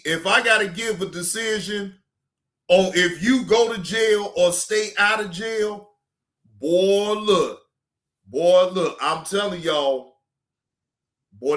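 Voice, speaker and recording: A man hosting a casual reaction stream, ranting in an animated, emphatic and joking way. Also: high voice, slow pace. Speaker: streamer host.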